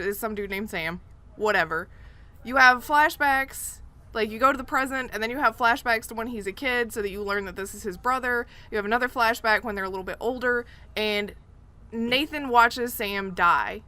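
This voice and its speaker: A woman co-hosting a casual gaming podcast, talking expressively in long animated runs. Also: medium pitch. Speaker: podcast co-host.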